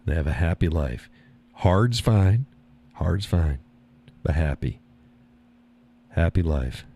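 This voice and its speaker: A man's voice: a bass voice, unhurried, mellow, breathy edge. A man hosting a live stream, chatting casually and reading the chat, folksy and easygoing, often repeating his own phrases.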